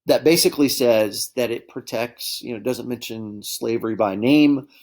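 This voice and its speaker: A man teaching a history lesson in a relaxed, conversational way, often checking in with his students. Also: mid-range voice, normal speed. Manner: conversational, keeps addressing students as guys with frequent okay and right checks. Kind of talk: classroom lecture.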